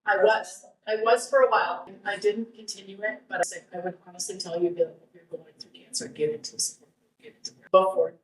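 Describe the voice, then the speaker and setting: A woman's voice: medium pitch, fairly even intonation, a little fast. Woman talking from a distance in a roomy space. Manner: rambling, with many restarts and fillers. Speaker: guest, cancer survivor. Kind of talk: casual conversational interview.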